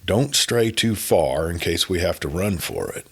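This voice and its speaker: A man voicing a jumpy adult male fishing buddy in whispered role-play, talking in a hushed hiss. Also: deep voice, animated, a little slow, husky, full character voice. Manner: hissed, hushed.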